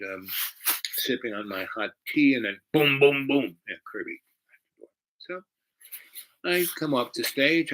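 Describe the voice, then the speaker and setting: A man telling a personal story in a casual, rambling way, animated and full of fillers. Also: mid-range voice, low-quality recording.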